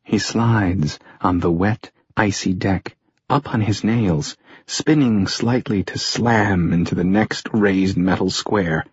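A man narrating an action story as an audiobook reader, in measured, dramatic scripted narration. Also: low voice, slightly rough, no room sound, lo-fi sound.

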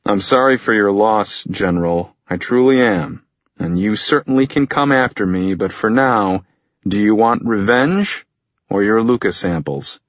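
Man reading a tough soldier guy, firm and clipped, lowish voice, muffled dry sound. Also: a little slow, dry recording, close to an everyday voice. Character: steady male soldier, blunt and determined. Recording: dull lo-fi dry recording.

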